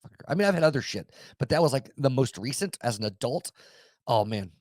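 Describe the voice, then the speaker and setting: A man's voice: mid-range voice, brisk, dry recording. Foul-mouthed man telling a story, dry sound. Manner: profane, animated storyteller. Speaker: podcast co-host. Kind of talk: casual chat.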